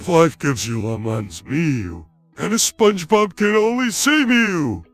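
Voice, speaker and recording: A synthetic male voice imitating a dim-witted cartoon starfish that talks slowly and repeats himself. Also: medium pitch, big pitch swings, no echo, faint music behind. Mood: dopey. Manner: slow, repetitive chanting.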